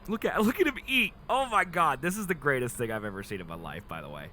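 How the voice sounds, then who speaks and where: A young man streaming live, chatting casually and gushing excitedly with frequent laughs. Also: medium pitch, fast, background noise. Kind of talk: casual livestream chat.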